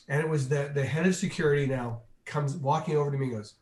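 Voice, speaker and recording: A man, a guest in an interview, telling a long behind-the-scenes anecdote with lively energy and acting out the voices of the people in it. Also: mid-range voice, fast talker, few pauses. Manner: animated, acts out the people in his story. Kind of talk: anecdotal storytelling. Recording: roomy echo.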